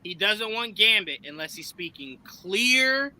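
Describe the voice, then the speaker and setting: Male host, high bright voice, animated, laughs a lot, swears. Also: unhurried, rough recording. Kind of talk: casual live-stream chat.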